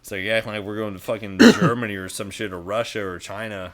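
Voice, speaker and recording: A man's voice: on the low side, fairly even intonation, fast. A young man telling stories in casual chat, rambling and swearing a lot, with many fillers. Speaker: podcast guest.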